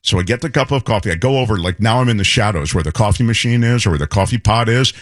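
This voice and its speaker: A man co-hosting a show, telling a lively anecdote in casual chat and imitating people as he goes. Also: fairly low pitch, fast talker, no room sound, studio quality. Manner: animated anecdote teller, imitates voices.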